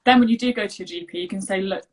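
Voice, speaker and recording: A woman's voice: mid-range voice, racing, a crowd in the background, low-quality recording. A woman, an allergy coach, talking casually over a video call with lots of fillers and restarts. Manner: chatty, many fillers and restarts. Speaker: allergy health coach, guest. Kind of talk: casual conversational interview.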